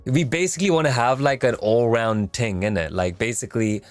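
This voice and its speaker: A man's voice: medium pitch, fairly quick, no echo. A young man hosting a music production stream, casually reading a technical document aloud and explaining it in plain words to his viewers. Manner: chatty, asks the audience, reads aloud then paraphrases.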